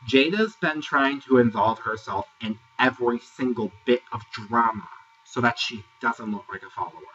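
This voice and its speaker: A sassy man rants through a casual review with a bright, animated voice that swings up and down. He sounds exasperated and mocking. The recording is dull and lo-fi, and the mic sits some distance away. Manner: sassy, exasperated, mocks people in high put-on voices. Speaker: reality TV reviewer. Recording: dull, lo-fi, voice set back from the mic.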